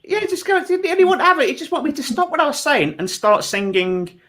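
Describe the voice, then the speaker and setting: A man's voice: extremely high pitch, very animated, a little fast, a crowd in the background. A man hosting a comedy panel show, rambling and self-deprecating with lots of ums.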